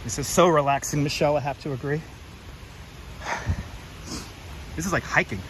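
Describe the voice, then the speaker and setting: A chatty man hosts a walking livestream outdoors on a clip-on mic. His voice sits high for a man, bright and forceful, with faint background noise. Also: normal speed, poor audio. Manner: chatty, jokey, reads sign text aloud, greets viewers. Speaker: livestream host. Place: outdoors in a forest garden. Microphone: wireless clip-on mic.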